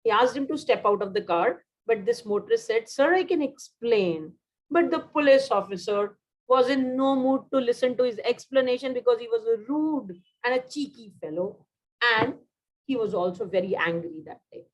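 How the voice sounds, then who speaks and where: A woman's voice: a little high, normal speed, low-quality recording. A woman with an Indian English accent teaching a vocabulary class online, repeating key words and slipping into Hindi.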